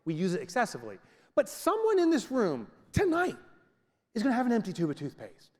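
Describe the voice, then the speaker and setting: A man's voice: high-pitched, a little fast. A man giving a comedic motivational talk to a live audience, telling stories and acting out scenes. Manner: animated storytelling, acts out scenes. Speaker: keynote speaker. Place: large venue with audience. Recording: reverberant hall.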